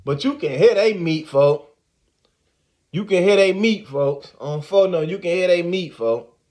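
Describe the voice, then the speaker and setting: A man telling a story in a casual, animated, slang-heavy way, repeating the same filler words. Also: sits high, a little slow.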